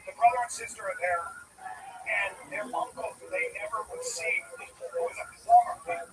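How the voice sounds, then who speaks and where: A man co-hosting a livestreamed show, telling stories in casual chat, animated and profane. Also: very high-pitched, normal speed. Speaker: podcast co-host. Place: studio or room, livestream. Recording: distant mic with faint noise.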